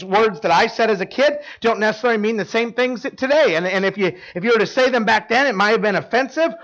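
A man's voice: high voice, fairly bright tone. A male pastor preaching a casual, conversational sermon to a live congregation, often quizzing the listeners and leaning on fillers like "like.". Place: church service before a live congregation.

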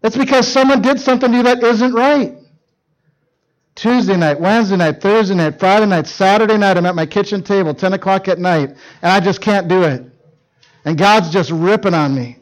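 A middle-aged man preaching to teens with a high, light voice. He tells personal stories with lots of energy, dropping to a near hush for serious points and then climbing into loud, excited bursts. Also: normal speed, poor audio. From northern Minnesota. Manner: animated, shifts from hushed to loud shouting in stories. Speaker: youth speaker. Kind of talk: storytelling sermon.

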